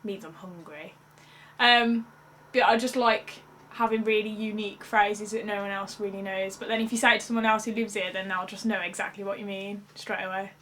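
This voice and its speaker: A young woman with a Black Country accent talks casually in an interview. She is animated and chatty, and her pitch sits in a middling range. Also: fairly quick. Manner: chatty, animated, laughs while talking. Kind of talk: casual chat.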